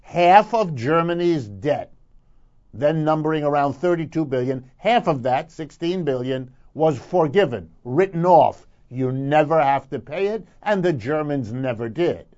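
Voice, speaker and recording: Male commentator with a slightly high voice, emphatic and lecturing, on muffled lo-fi audio. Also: animated, a little slow, a little mellow. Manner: emphatic, lecturing, building points through repetition. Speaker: economic commentator. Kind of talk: radio commentary segment.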